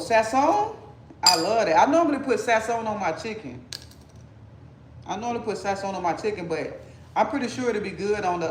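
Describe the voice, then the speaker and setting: A man's voice: sits high, a little hiss or hum. A man hosting a casual cooking livestream, talking playfully and teasing his chat while he cooks. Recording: echoey room.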